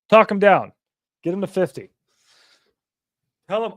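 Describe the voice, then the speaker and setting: A man's voice: sits high, animated, unhurried, long pauses, fairly bright tone, no echo. A young man hosting a casual livestream, talking bluntly and animatedly, with frequent swearing. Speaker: livestream host.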